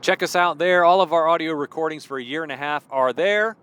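Fervent high-voiced preacher man. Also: fairly quick, a bit bright, clean tone. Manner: fervent, rambling, emphatic repetition. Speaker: podcast host and preacher. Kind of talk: impassioned podcast sermon.

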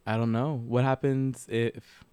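A man's voice: medium pitch, little pitch movement, measured pace, mellow, clean tone, no room sound. A man co-hosting a podcast, chatting casually and tentatively. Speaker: podcast co-host. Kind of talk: casual chat.

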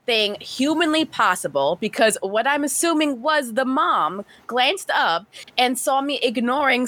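A woman podcast host reading a story aloud and chatting, animated and swearing casually. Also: fairly high pitch.

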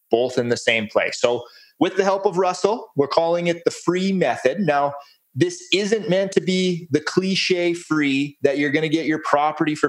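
A man presenting a real estate case study on a webinar, upbeat and folksy, walking through steps. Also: a little high. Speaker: guest presenter.

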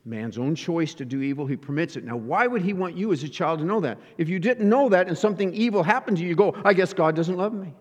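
A man's voice: on the high side, expressive, quick pace, hardly any pauses. A man preaching a sermon, teaching earnestly and asking rhetorical questions. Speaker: pastor. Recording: reverberant hall.

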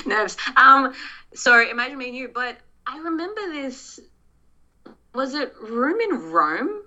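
A woman's voice: fairly low pitch, bright, forceful tone, highs cut off. A woman with an Australian accent, chatting casually as a podcast guest, self-deprecating and laughing often. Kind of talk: casual interview chat.

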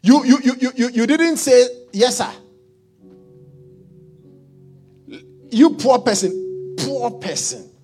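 A preacher acting out an arrogant rich man who loudly taunts a poor person, his voice pushed high and loud as he mocks. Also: huge pitch swings, rapid-fire, slightly rough, faint music behind, exaggerated voice. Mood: indignant.

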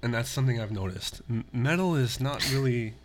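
A man's voice: mid-range voice, expressive, brisk. A man, a musician guest on a podcast, talking in a laid-back way, repeating words and calling people dude. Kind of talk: casual interview chat.

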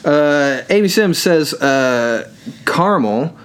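A man's voice: mid-range voice, lively intonation, moderate pace. A tired man co-hosting a podcast, joking and rambling as he reads listener comments. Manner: joking, rambling, laughs often. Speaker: podcast co-host. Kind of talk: casual chat reading listener comments.

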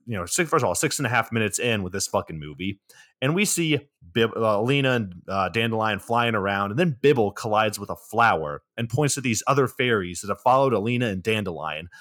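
Low-voiced sarcastic man recapping. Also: a bit bright. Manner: sarcastic, swears freely. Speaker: podcast co-host. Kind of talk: casual movie recap.

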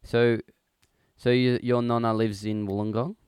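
A man's voice: mid-range voice, flat delivery, a little slow, darkish tone, smooth, no room sound, studio quality. An Australian man hosting a podcast in casual chat, teasing and joking with his guest. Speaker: podcast host.

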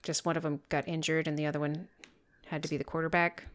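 A woman's voice: low voice, little pitch movement, fast talker. A woman co-hosting a podcast, chatting casually with sarcastic, self-mocking jokes. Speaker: podcast co-host. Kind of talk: casual chat.

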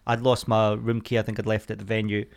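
A man's voice: fairly low pitch, completely flat delivery, fast talker, creaky. Young male comedian co-host, dry teasing banter. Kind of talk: casual chat.

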